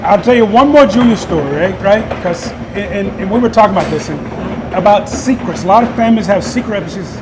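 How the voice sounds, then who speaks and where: A food-show host, folksy and enthusiastic as he tastes. His voice is fairly high. Faint ambience hums behind him. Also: lively intonation, fairly quick, noisy background. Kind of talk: casual food show chat.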